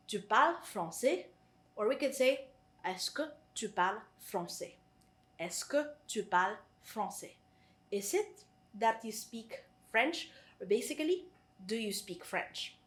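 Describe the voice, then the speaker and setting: Filipino-accented woman teaching, lively pitch. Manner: patient, repeats each French phrase then translates it. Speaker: French teacher. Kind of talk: online language lesson.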